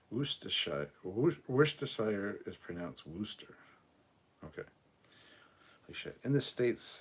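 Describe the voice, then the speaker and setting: A man's voice: low voice, a little mellow, husky. A man hosting a casual livestream, reading chat aloud, swearing often and laughing between remarks. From Canada.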